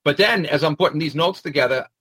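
A man's voice: a little high, fast talker, a bit bright, slightly rough, dry recording, rough recording. A man hosting a commentary show, delivering an indignant, profane ranting monologue full of "uh" fillers.

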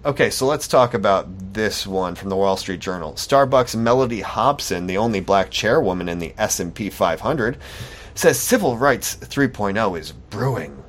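A man's voice: fairly low pitch, animated, normal speed. A man hosting a solo podcast, talking in a sarcastic, mocking commentary style. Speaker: podcast host.

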